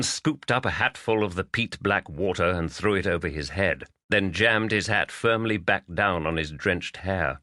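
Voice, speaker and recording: A man narrating a mystery audiobook in a measured, expressive reading. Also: low-pitched, no echo, clean studio sound.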